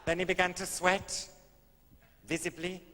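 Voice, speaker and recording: A man's voice: high voice, level tone, unhurried, sharp tone. A man, telling a camp, arch, innuendo-laden story as a stand-up comedian on stage. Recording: echoey old live stage recording with faint hiss.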